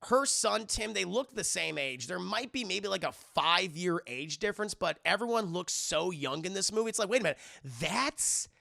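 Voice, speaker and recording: A man streaming a casual movie review, excitable and profane, retelling scenes with lots of energy. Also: high voice, normal speed, gravelly, hardly any pauses.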